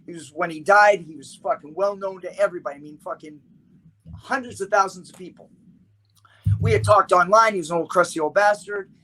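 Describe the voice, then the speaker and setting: A middle-aged man telling stories as a podcast guest, emphatic and freely swearing, in a casual, animated way. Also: high-pitched, fairly quick, low-quality recording. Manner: emphatic, profane, animated storyteller. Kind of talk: casual storytelling chat.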